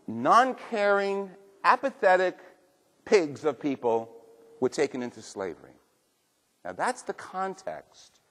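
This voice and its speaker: A male priest giving a sermon, telling stories with animated emphasis. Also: a little high, breathy edge. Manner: animated, emphatic storytelling preacher. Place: church. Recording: long reverb of a church.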